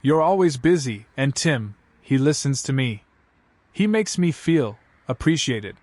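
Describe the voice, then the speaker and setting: A man's voice: mid-range voice, big pitch swings, a little slow, darkish tone, no room sound. A man voicing a defensive, tearful wife caught cheating, pleading and then blaming.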